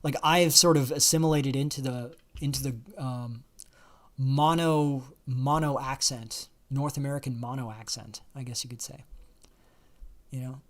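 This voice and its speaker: A man's voice: medium pitch, steady tone, unhurried. A man with a mid-range voice hosting a casual livestream. He rambles through his points with frequent fillers, false starts and restarts. Now and then he breaks off to answer questions from viewers. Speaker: livestream host.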